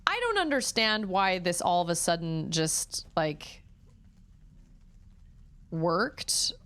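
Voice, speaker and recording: A woman's voice: fairly low pitch, very animated, takes it slowly, fairly bright tone, clean tone. A woman streamer chatting casually and thinking aloud while she plays a game. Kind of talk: casual gameplay chat.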